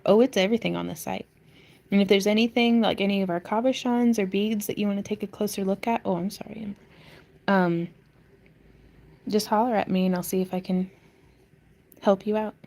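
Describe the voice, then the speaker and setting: A woman's voice: mid-range voice, vocal fry, mellow. A woman hosting a casual craft livestream from her home craft room, chatty and often dropping into whispered baby talk. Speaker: livestream host selling crafts.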